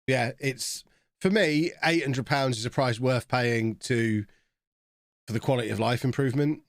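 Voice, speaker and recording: Male streamer, thirties, mid pitch, dry close sound, loose casual chat reacting to the match. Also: normal speed, dry recording. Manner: chatty, reacting to the game as it plays. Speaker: game streamer.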